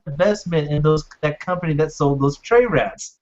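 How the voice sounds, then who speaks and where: A man's voice: fairly high pitch, moderate pace, soft background music. A man in casual podcast chat, telling rambling anecdotes with heavy swearing. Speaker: podcast co-host. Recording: dull lo-fi sound.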